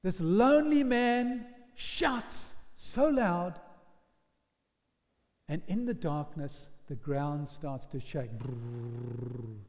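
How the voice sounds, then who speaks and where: A man preaching a sermon as vivid storytelling, dropping to hushed lines and then rising to loud shouted quotes. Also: high voice, takes it slowly. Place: church hall. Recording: long reverb of a church hall.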